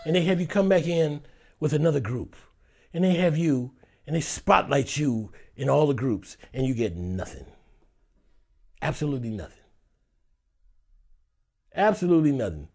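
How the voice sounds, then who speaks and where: Middle-aged man, actor, lively interview storyteller; high, swooping voice with frequent laughs. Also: normal speed, pauses often. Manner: animated, laughing, acts out quoted voices.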